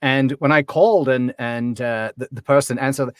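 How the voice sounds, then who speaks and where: A man's voice: mid-range voice, fairly even intonation, moderate pace, smooth, dry recording, clean studio sound. A man talking casually as an accent coach in an interview, chatty and full of ums and restarts.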